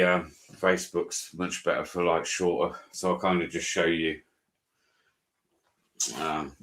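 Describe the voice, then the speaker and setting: British bloke ranting on a live stream, swears loads, animated, roomy echo. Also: male voice, sits low. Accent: British English. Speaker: auditor streamer. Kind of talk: casual live chat.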